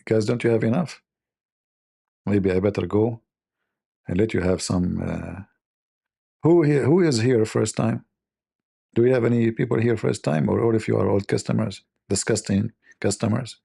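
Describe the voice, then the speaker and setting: Male stream host, low husky voice, playful ribbing of chat. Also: normal speed, warm tone. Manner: teasing, joking, mock-offended banter. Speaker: livestream host. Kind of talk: casual livestream chat with viewers.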